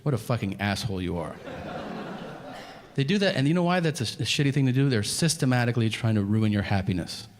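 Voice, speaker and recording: A man in his forties doing a profane, deadpan stand-up routine and acting out his exchanges with strangers. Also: medium pitch, fast, a little hiss or hum. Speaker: stand-up comedian. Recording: live stage mic over crowd laughter. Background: audience laughter.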